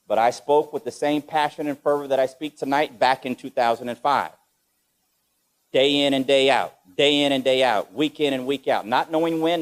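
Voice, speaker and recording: A man giving a motivational lecture with energy, quizzing the audience with questions. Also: medium pitch. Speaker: motivational speaker.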